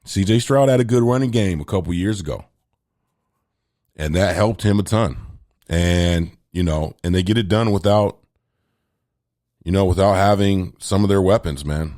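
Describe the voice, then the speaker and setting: A man's voice: low-pitched, moderate pace, pauses often, darkish tone, no echo, studio quality. A man hosting a sports talk show, casually rambling through football analysis with slang and restarts. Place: home near an air base, planes heard.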